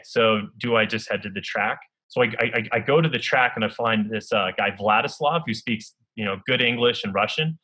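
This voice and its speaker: Earnest man, bright lowish voice. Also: breathy edge, poor audio. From United States. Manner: earnest, halting, filler-heavy with many restarts. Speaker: Olympic luge athlete. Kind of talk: personal storytelling.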